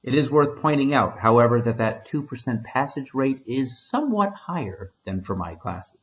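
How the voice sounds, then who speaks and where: A man's voice: mid-range voice, animated, moderate pace, a bit bright, rough recording. A man, a history teacher, giving a casual recorded lecture with wry asides and frequent fillers.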